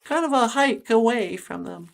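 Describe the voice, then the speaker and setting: A woman's voice: on the high side, lively intonation, normal speed, vocal fry. A woman podcast host telling a story in a chatty, casual way, laughing often and filling in with asides.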